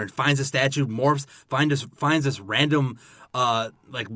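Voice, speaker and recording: Man co-hosting a podcast, forceful bright voice, dry close sound, acts out scenes while recapping. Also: medium pitch, unhurried, no echo. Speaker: podcast co-host. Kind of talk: casual movie review chat.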